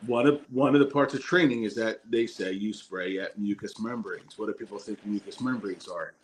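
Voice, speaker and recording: A man's voice: fairly low pitch, normal speed, a little hiss or hum. A man who is a guest on a casual podcast, telling a police training story in a matter-of-fact way. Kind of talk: casual chat.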